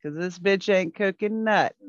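A woman's voice: medium pitch, a little slow, dry recording, highs cut off. A woman co-hosting a podcast in casual chat, blunt and salty, laughing along, on a headset. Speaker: podcast co-host.

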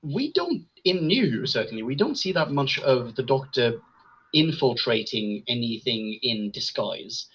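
A man co-hosting a podcast in casual chat, curious and quick to laugh, asking questions. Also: mid-range voice, big pitch swings, a bit bright, slightly rough, rough recording. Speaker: podcast co-host.

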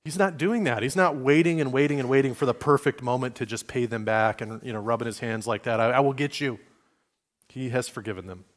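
A man preaching to his congregation in a relaxed, talky way. His voice sits at an ordinary middle pitch. He often slips into little quoted voices and restarts his phrases as he thinks aloud. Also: fast talker, few pauses. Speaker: pastor. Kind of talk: sermon.

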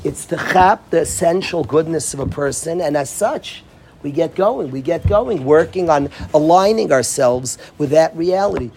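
A man giving an informal talk to dorm counselors, animated, acting out quoted voices and often restarting his sentences. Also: a little high, normal speed, a little hiss or hum. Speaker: yeshiva speaker addressing dorm counselors.

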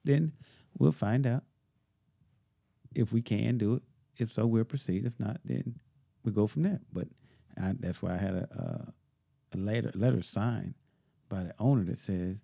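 A man's voice: on the low side, moderate pace, vocal fry, long pauses, mellow, breathy edge. A man co-hosting a podcast, chatting casually and telling a story while acting out the dialogue he quotes. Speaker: podcast co-host. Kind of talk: casual chat.

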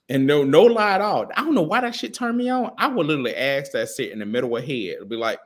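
Podcast co-host, male, crude and blunt, lively up-and-down voice, a bit high. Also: quick pace, few pauses. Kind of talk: casual chat.

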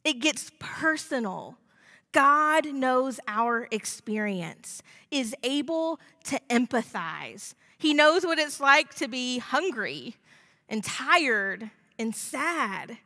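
A woman pastor preaching a sermon in a measured, deliberate way. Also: sits high, big pitch swings, pushed and bright, long reverb tail.

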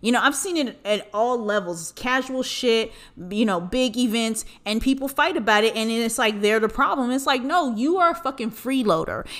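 A woman hosting a casual solo podcast, ranting in a profane, animated way with big jumps in pitch for emphasis. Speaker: podcast host.

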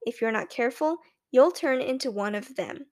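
A woman's voice: high voice, animated, normal speed. A woman voicing a proud, stern old grandmother who lectures her grandson firmly. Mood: scolding. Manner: firm, disapproving lecturing.

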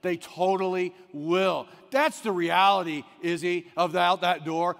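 Gravelly-voiced pastor in an echoey hall. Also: male voice, on the high side, unhurried. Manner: chatty, animated storytelling. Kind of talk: sermon. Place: church.

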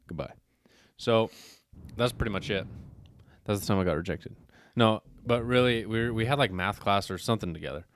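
Laid-back man telling a story, low voice. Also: fairly quick, a little hiss or hum. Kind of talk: casual chat.

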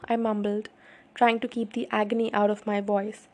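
A woman reading a first-person novel aloud in an even, understated way. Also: mid-range voice, normal speed. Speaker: audiobook reader.

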